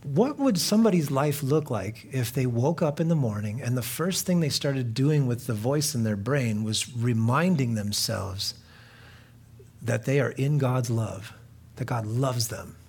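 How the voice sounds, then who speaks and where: A pastor preaching a sermon in a conversational way, rising to earnest emphasis and dropping to quiet reflection. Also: male voice, mid-range voice, expressive, unhurried, husky. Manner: conversational, with many fillers and restarts.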